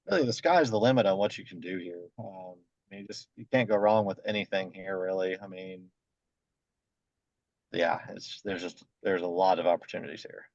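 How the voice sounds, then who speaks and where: A man speaking as a guest on a video call, easygoing and halting as he talks. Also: sits low, a little mellow, dry recording. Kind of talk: casual chat. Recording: dull dry video-call audio.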